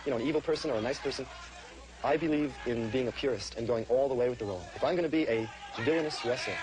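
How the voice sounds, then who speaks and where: A man's voice: medium pitch, fast, rough recording. A man, a comedian, earnestly explaining his stage act in an archival interview.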